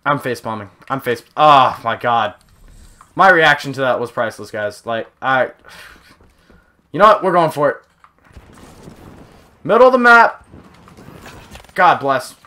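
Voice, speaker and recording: Hyped young guy yelling through his gameplay, bright punchy voice. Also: mid-range voice, normal speed. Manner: excitable, yelps and exclaims often. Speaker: gaming channel host. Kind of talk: live gameplay commentary.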